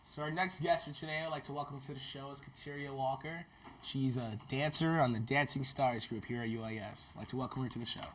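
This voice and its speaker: A woman's voice: very deep voice, steady tone, fast talker, distant mic, music in the background. A woman hosting a student talk show, asking casual questions. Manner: casual, upbeat questions with short replies. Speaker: host. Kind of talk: campus talk show interview.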